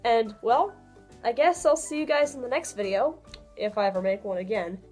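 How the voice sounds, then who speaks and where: A young woman giving casual advice in a vlog, chatty and laughing often, her pitch swinging up and down. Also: moderate pace, a little mellow, soft background music. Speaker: vlogger.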